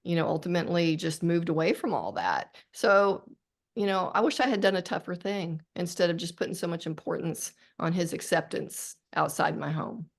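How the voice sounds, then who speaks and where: A woman's voice: on the low side, lively intonation, moderate pace, gravelly. A middle-aged woman, an author guest on a podcast interview, talking earnestly and reflectively with frequent restarts.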